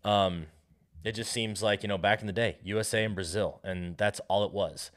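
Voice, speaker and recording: An American man with a fairly low voice hosts a solo podcast. He talks in a loose, rambling way, full of restarts and asides, as if he's riffing off the top of his head. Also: steady tone, normal speed, a bit bright. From United States. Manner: rambling, self-interrupting, riffing. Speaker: podcast host.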